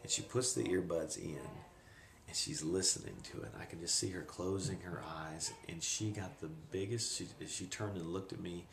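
A middle-aged man giving a reflective personal testimony, speaking haltingly with pauses, recorded on a camcorder in an echoey room. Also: deep voice, steady tone, vocal fry, slight background noise. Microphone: handheld camcorder.

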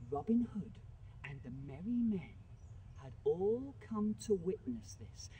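A man telling a story with slow, deliberate pacing and lively swings of pitch. His voice has a husky edge. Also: rough recording. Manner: dramatic, with loud bursts and hushed drops. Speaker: professional storyteller. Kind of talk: live storytelling performance.

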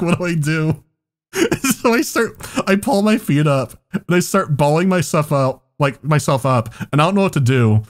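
Man, podcast storyteller, lively swinging pitch, slightly high voice, laughs a lot, swears. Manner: animated, laughing often, swearing. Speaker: podcast co-host. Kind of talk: casual storytelling.

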